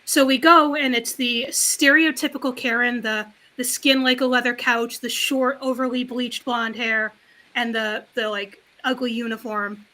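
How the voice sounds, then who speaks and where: A woman chatting casually on a livestreamed talk show, telling a long story in an animated, frank, rambling way. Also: on the high side, unhurried. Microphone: livestream call mic.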